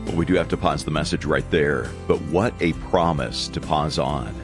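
A man's voice: extremely low pitch, moderate pace, over music. A man hosting a radio program in a friendly, conversational announcing style.

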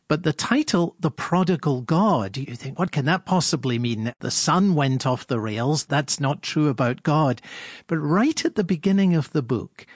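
A man's voice: medium pitch, dry recording, studio quality. A man chatting on a radio program, explaining a book in a thoughtful way. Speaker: radio program guest preacher. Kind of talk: conversational radio chat.

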